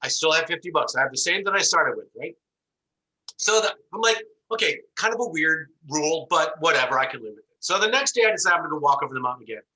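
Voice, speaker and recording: Over a computer microphone, a man lectures an online class in a sharp, bright, slightly high voice. He speaks fast, telling an animated story and acting out its voices, and the audio quality is poor.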